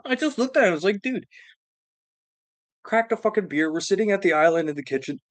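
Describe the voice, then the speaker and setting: A man's voice: sits high, expressive, racing. A man hosting a live stream who tells a long comedic story in a rambling, profane, emphatic way.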